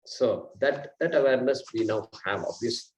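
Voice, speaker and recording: A man's voice: medium pitch, lively intonation, moderate pace, rough recording. Man teaching a Vedanta class. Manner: conversational, repeats phrases, asks rhetorical questions. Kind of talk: lecture class on scripture.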